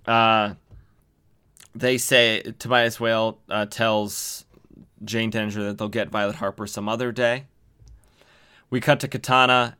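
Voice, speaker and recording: Chatty man recapping comics, bright tone. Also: on the low side, clean tone. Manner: enthusiastic, chatty, many fillers. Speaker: podcast host. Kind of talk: casual comic book recap.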